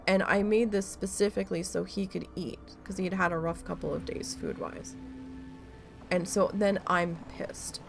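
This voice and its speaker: Gravelly-voiced woman venting on a stream. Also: on the low side. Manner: exasperated storytelling with frequent swearing. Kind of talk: casual chat during a live gameplay stream.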